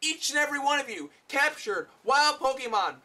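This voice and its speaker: Profane male reviewer, exasperated, high, bright, sharp tone. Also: lively intonation, normal speed. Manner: profane, exasperated, shouting outbursts. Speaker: film reviewer. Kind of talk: ranting comedic review.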